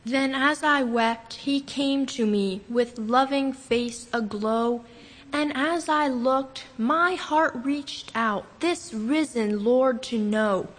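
Woman reading a poem slow and tender, high-ish voice, big echo. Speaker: poem reciter. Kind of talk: recited poem in church. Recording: reverberant church hall.

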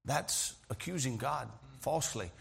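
Gravelly, husky man preaching. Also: medium pitch, measured pace, fairly bright tone. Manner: frequent throat clearing, earnest storytelling. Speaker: pastor. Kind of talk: sermon with storytelling.

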